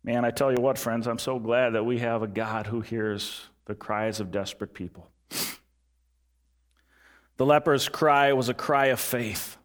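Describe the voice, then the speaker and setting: A male pastor preaching a sermon earnestly, repeating key lines and dropping his voice soft and low for emphasis. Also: steady tone, a little slow.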